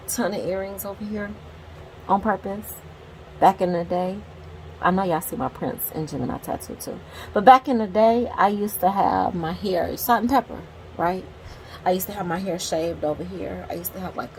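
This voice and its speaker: A woman's voice: fairly low pitch, a little mellow, slight background noise, poor audio. Candid, chatty woman in her forties. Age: 40s. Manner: chatty and candid, talks straight to viewers. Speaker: teacher and book vlogger. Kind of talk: casual vlog reading quotes with commentary.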